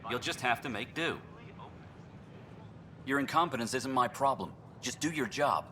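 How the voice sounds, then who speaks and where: A man's voice: medium pitch, normal speed, pushed and bright, a little hiss or hum, natural voice. A man playing a curt, scornful station official. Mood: contemptuous. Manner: curt, condescending, scolding. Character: arrogant dismissive male station official. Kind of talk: video game dialogue.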